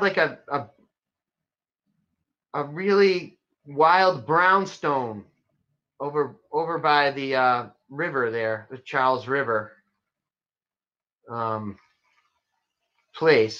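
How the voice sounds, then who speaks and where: A man telling stories in a casual chat, rambling and animated with lots of fillers. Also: mid-range voice, a little slow, long pauses. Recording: dull lo-fi sound.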